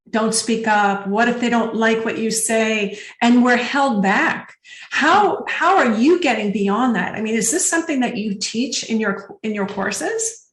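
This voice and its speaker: A woman hosting an interview, encouraging her guest and summing up her points. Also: on the high side. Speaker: host. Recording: echoey room.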